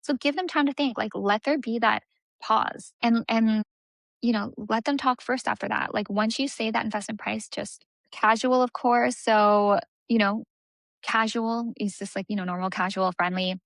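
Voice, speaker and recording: Chatty woman with a gravelly edge. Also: a little high, fairly even intonation, normal speed, no room sound. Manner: chatty, many "like" fillers, acts out client voices. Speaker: aesthetics business coach. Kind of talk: casual teaching talk.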